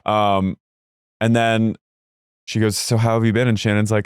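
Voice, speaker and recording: A man with a smooth, resonant voice chats through a reality TV recap on his podcast. He keeps slipping into exaggerated voices when he acts out quotes. The recording is dry and close. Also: fairly low pitch, little pitch movement, moderate pace, no room sound. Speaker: podcast co-host. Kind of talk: casual chat, reality TV recap.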